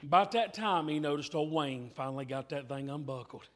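A man's voice: a little high, a little fast, fairly bright tone, big-room sound. A man preaching a revival sermon in church, telling a story emphatically and repeating his phrases. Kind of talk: revival sermon with altar call. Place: church sanctuary.

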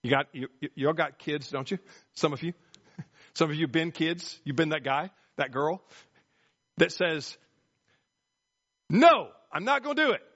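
A pastor preaching a sermon, telling folksy stories with sweeping pitch. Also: male voice, fairly even intonation, moderate pace, pauses often, a bit bright. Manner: folksy storytelling with dramatic pitch swings. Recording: muffled lo-fi recording.

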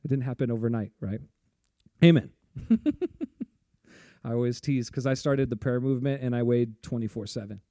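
A man's voice: mid-range voice, fairly even intonation, normal speed, pauses often, dark tone, no room sound, studio quality. A man preaching a sermon in a casual, chatty way, laughing often and saying "like" a lot. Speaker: pastor.

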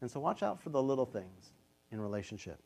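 A man's voice: mid-range voice, sing-song, fast talker, gravelly, a little mellow. A man in his fifties, a pastor, preaching a sermon in a casual, conversational way, sometimes acting out the voices he quotes.

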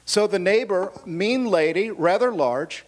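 A man's voice: high-pitched, lively intonation, unhurried. A man preaching a sermon, telling a humorous personal story with asides and questions to the audience. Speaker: pastor.

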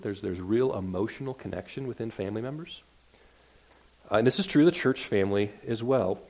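In a church sanctuary, a pastor preaches to his congregation, earnest and conversational, frequently restarting sentences as he builds toward his point. His voice is lowish and warm, slightly rough.

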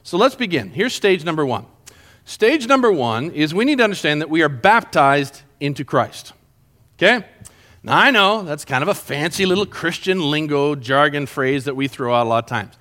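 A man teaching a Bible lesson to a group. He talks in an animated way and keeps checking in with his listeners, asking if they are following. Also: on the high side, normal speed.

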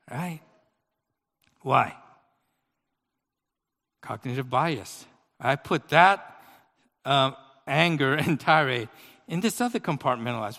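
A man preaching a sermon, telling a personal story with big swings between loud outbursts and quiet asides. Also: fairly high pitch, measured pace, in a large hall.

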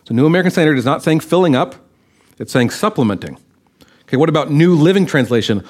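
A man's voice: fairly high pitch, sing-song, fast, darkish tone. A man preaching a Bible-study sermon in a conversational way, often checking in with his listeners. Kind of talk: sermon-style Bible teaching.

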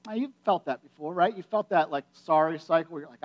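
A pastor with a notably high-pitched male voice delivers a sermon. He talks to the congregation in a casual, conversational way and drives his points home by repeating key phrases. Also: fast, hardly any pauses, highs cut off. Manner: conversational, emphatic preaching with repetition.

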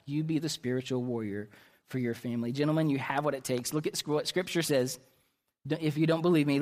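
A man preaching a sermon as pastor, emphatic and repetitive, his intensity rising and falling. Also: fairly high pitch.

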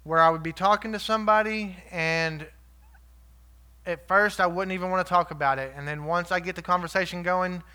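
A man delivering a sermon in a high, bright voice. He is earnest but conversational, and he checks in with his listeners through quick rhetorical asides. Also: fairly even intonation, smooth. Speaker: lay preacher.

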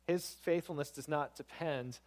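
A man's voice: fairly high pitch, moderate pace, darkish tone. A man, a pastor, giving a sermon in a conversational, storytelling way that builds emphasis.

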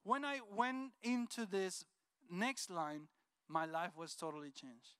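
A man's voice: high voice, animated, slow pace, bright, forceful tone, clean tone, dry recording. A man from Colombia, giving a heartfelt personal testimony in an earnest storytelling way. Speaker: speaker sharing a personal testimony. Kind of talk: emotional personal testimony talk.

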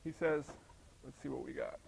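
A male pastor preaching a sermon, full of rhetorical questions and swinging between emphatic and hushed delivery. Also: mid-range voice, normal speed, gravelly, slight background noise, rough recording.

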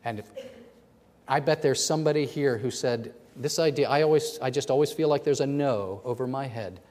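A man preaching a sermon in a church, moving between loud, fervent passages and hushed near-whispers. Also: mid-range voice, moderate pace. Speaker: pastor. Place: church sanctuary. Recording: long hall reverb.

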